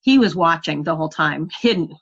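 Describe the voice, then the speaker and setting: A woman's voice: low voice, animated, fairly quick, gravelly, fairly bright tone, breathy edge, muffled recording. Earnest woman telling a story. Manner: earnest, reflective, laughs at own pain. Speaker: guest. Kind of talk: conversational storytelling.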